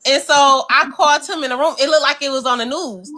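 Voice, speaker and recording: The co-host of a casual talk show, a woman whose voice sits high and moves a little fast, tells an animated story. Speaking right to her listeners, she calls them y'all and acts out voices.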